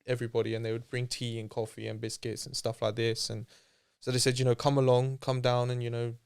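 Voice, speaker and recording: A man's voice: medium pitch, completely flat delivery, quick pace, vocal fry, clear, resonant tone. A man telling his story as an interview guest in a casual, chatty way, full of slang and acting out the voices of people he quotes.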